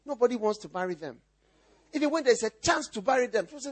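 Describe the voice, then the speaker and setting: A man preaching a sermon as pastor, teasing his listeners with repeated lines and breaking into shouts and laughter. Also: extremely high pitch, animated, quick pace.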